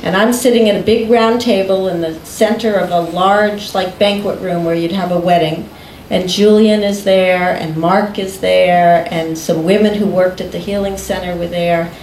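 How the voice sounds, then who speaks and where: A woman recounts a personal story at a slow, easy pace, taking her time between phrases. She laughs easily as she talks. The room around her is echoey, with a faint hiss behind. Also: medium pitch, darkish tone. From United States. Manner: unhurried, often breaking into laughter. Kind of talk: storytelling in conversation.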